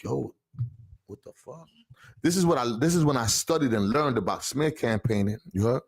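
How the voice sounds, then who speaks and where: A man's voice: a little high, lively intonation, moderate pace, vocal fry, no echo. A man, a podcast guest telling a long personal story in heavy street slang, checking in with "you heard?". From the Bronx, New York. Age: 40s. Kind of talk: casual storytelling.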